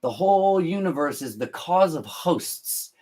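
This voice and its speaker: A man hosting a podcast, explaining scripture in unscripted talk, halting and deliberate with frequent restarts. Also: on the high side, expressive, darkish tone. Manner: halting, many restarts and fillers, slow and deliberate. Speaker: podcast host.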